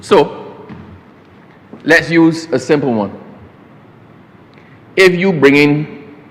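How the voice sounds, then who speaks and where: A man's voice: on the high side, drawn-out words. A Barbadian man, a government minister, giving a formal parliamentary speech that keeps addressing the chair as sir and slips into folksy stories. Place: parliament chamber. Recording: long reverb of a parliament chamber.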